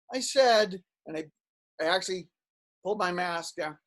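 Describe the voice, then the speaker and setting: A man's voice: sits high, expressive, normal speed, fairly bright tone. A man co-hosting a podcast, chatting casually and telling stories with a flippant, joking manner. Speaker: podcast co-host.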